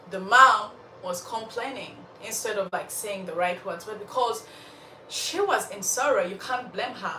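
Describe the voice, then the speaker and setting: A woman's voice: mid-range voice, roomy sound. Lady telling a faith story, talks right at her listeners, far from the mic, faint hiss. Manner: animated, laughs often, talks straight to listeners. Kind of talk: faith-based storytelling with life lessons.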